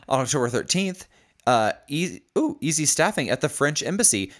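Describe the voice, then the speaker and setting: A man in casual podcast chat who reads notes out and teases. His pitch is animated and he breaks into laughs often. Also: moderate pace. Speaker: podcast co-host. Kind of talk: casual chat, reading a diary aloud.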